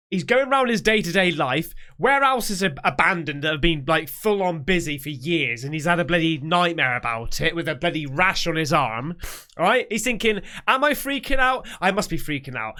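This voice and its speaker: Lively, bright-voiced man reacting loudly. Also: a little high. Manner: swears a lot, gets loud and panicky. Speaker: reaction video host. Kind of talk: excited reaction commentary.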